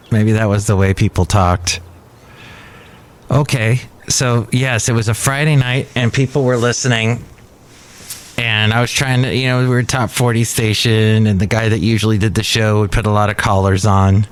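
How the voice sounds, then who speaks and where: A man in his fifties hosts a casual podcast from a cafe, chatting in a fairly low voice. He rambles, thinks aloud and pokes fun at himself. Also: steady tone, moderate pace, clean tone. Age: 50s. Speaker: podcast host. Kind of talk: casual nostalgic podcast chat.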